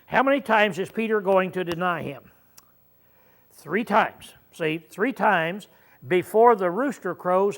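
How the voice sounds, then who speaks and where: A male preacher teaching through a Bible passage, putting questions to his listeners and often clearing his throat. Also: high voice, fairly bright tone. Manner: frequent throat-clearing and halting fillers. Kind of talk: sermon.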